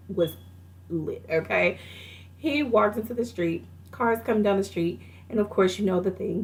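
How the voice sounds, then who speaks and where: A woman's voice: fairly low pitch, darkish tone. A young woman casually reviewing a movie, retelling scenes in a chatty way with lots of fillers and laughter.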